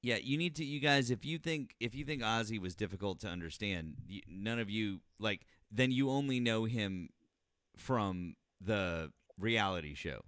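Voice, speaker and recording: Guy hosting a chat, bright crisp voice, dry sound, pretty emphatic. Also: on the low side, moderate pace, dry recording. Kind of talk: casual chat.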